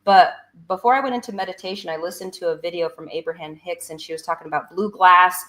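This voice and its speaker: A woman guest on a podcast, telling a personal story in a lively way and acting out what others said. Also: on the low side, quick pace. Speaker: podcast guest, construction business owner.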